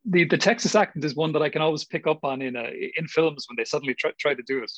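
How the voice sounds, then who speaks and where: A man from Ireland with a Cork accent, a film director talking in a relaxed way in an interview while calling in remotely. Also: fairly high pitch, fast talker, muffled recording, a little hiss or hum. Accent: Cork Irish. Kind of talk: casual interview.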